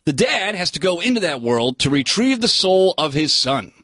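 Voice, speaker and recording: A man's voice: fairly high pitch, very animated, moderate pace, pushed and bright, breathy edge, no echo. A man reviewing a film in casual chat, blunt and sarcastic in his opinions. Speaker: movie critic.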